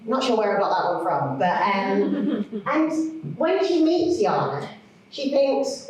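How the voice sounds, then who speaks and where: A woman, a children's author chatting to an audience in a lively, self-mocking way. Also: mid-range voice, slow pace. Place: large hall. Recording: echoey hall from far off.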